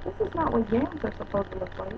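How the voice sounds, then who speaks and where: A woman's voice: a little high, very animated, quick pace, lo-fi sound, noisy background. A woman in her forties chatting casually to viewers on a webcam at home, rambling and teasing. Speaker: vlogger. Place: at home indoors.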